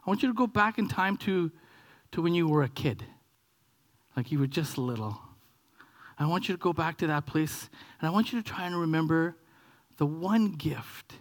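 In a sermon, this forties-aged man from Canada vividly performs a tale from his childhood. He shifts from whispering to high bursts of excitement.

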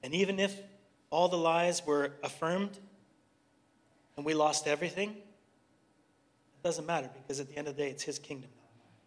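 The director of a youth organization, a middle-aged man, gives a heartfelt personal testimony before leading a prayer, recorded with long hall reverb. His voice is on the high side with fairly even intonation and a moderate pace; he pauses often and restarts sentences while searching for the right words, keeping it conversational.

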